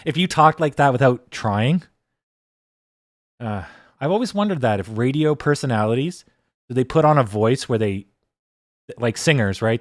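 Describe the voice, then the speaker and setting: Man, livestream host, relaxed rambling chat, swears freely, dry close mic. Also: medium pitch, no room sound. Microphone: desk microphone.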